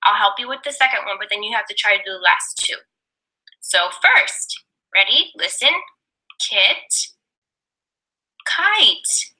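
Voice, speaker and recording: A young woman demonstrating a reading lesson, sounding out words slowly and repeating them for a student. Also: medium pitch, animated, bright, forceful tone, low-quality recording. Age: young adult. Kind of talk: slow, deliberate teaching demonstration.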